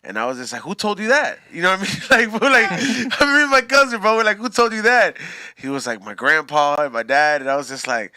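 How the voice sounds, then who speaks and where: A man's voice: on the high side, very animated, fast talker, few pauses, bright, forceful tone, smooth, no room sound. A man, casually telling a story on a podcast, slangy and full of profanity. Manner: laid-back slangy storytelling with profanity, laughs often. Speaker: podcast host.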